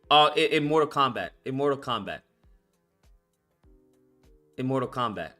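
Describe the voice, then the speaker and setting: A man hosting a live stream, reacting with animated, profane talk and sudden shouted outbursts. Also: mid-range voice, moderate pace, pauses often, soft background music. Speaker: streamer host.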